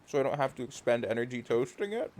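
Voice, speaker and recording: A man's voice: mid-range voice, expressive, quick pace, darkish tone, slight background noise. A man with a Canadian accent, hosting a live game stream from home and chatting casually while he plays, rambling with lots of fillers. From rural Canada. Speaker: streamer host. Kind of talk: casual chat while gaming.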